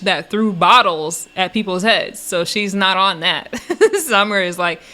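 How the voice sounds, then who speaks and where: Bright-voiced chatty woman recapping. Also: medium pitch, expressive, a little slow. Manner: chatty, laughs often, acts out quotes. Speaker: reality show recap commentator. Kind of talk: casual recap commentary.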